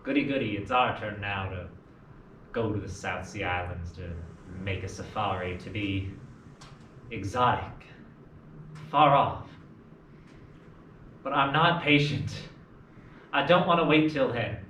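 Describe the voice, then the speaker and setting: A restless young son, played by a young actor talks in a bright, edgy voice about wanting out. He is heard from a distance in a room with a strong echo. A faint hiss runs underneath. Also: on the low side, measured pace, long pauses. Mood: wistful. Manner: wistful, then urgent and agitated. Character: restless young man, itching to leave home. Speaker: student actor. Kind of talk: stage play scene. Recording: echoey room from far off.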